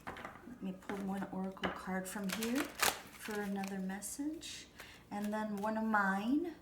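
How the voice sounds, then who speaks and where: A woman talks through a tarot reading in a loose, reassuring way, full of fillers and restarts. Her voice sits at an ordinary middle pitch. The room is echoey, with a faint background hiss. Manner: chatty and reassuring, rambling with many fillers and restarts. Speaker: tarot reader. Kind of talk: casual spoken tarot reading. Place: at home.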